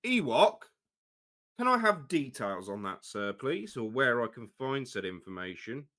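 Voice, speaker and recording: Man, casual chat, mid-pitched voice, joking banter. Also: sing-song, normal speed, sharp tone. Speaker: podcast co-host.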